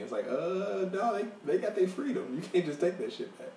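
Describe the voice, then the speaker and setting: A man co-hosting a podcast in casual banter, teasing his friend and jumping up in pitch when he mimics other people. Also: lively intonation, brisk, few pauses. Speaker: podcast co-host. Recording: roomy echo, a bit distant, faint hiss.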